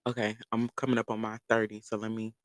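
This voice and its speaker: A man telling a long personal story to his viewers in a loose, animated, profane way, laughing as he goes. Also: on the low side, quick pace, no room sound. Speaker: vlogger. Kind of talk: casual storytelling.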